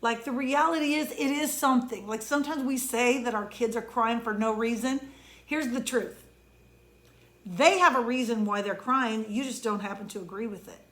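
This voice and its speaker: A woman with a fairly high voice delivers a heartfelt pep talk as an emotion coach. She speaks in an earnest, conversational way and draws out the words she wants to land. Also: fairly bright tone. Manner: earnest, conversational, slows down to stress key words. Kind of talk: motivational pep talk monologue.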